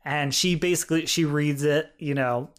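A man co-hosting a casual podcast, retelling a documentary with animated quotes and frequent laughter. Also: on the high side, normal speed. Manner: animated storyteller, acts out quotes, laughs often. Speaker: podcast co-host. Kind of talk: casual chat reviewing a documentary.

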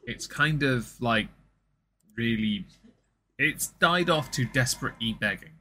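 A man's voice: mid-range voice, lively intonation, a little slow, pushed and bright, slight background noise. A man, co-hosting a casual political chat in a blunt, profane, rambling way. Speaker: streamer and co-host.

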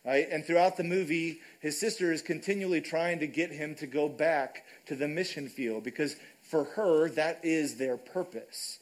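A man's voice: on the high side, moderate pace, hardly any pauses, rough recording. Conversational preacher, man. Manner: conversational, frequent "right?" asides. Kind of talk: sermon. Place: church sanctuary.

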